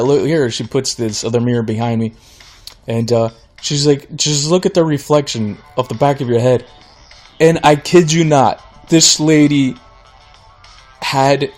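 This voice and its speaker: Rambling male podcast host with soft music. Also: medium pitch. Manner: rambling storyteller, many restarts, animated when retelling shock. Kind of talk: casual solo podcast rant.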